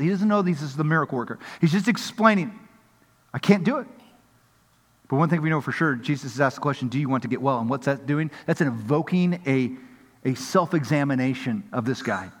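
Man preaching, lively storytelling delivery, slightly high voice, long reverb of a big hall. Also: fast. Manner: animated preaching, acting out voices of people in the story. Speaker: pastor. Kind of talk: sermon.

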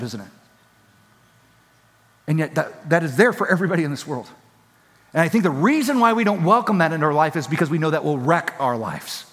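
A man's voice: sits high, a bit bright, big-room sound. A man preaching a sermon with emphatic, repetitive phrasing that builds in intensity. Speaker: pastor.

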